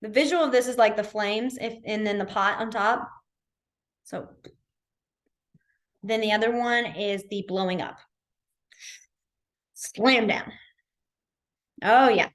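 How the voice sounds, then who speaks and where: Speaking slowly with long pauses in a medium-pitched voice, a young woman runs a casual online sign language class for beginners. She is chatty and demonstrative, with many fillers.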